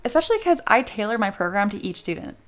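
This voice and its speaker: Speaking fast with big swings in pitch, a woman in the mid-range explains her 3D sculpting steps on a live stream. Her manner is playful and talkative, and she reads the chat aloud as she answers viewers.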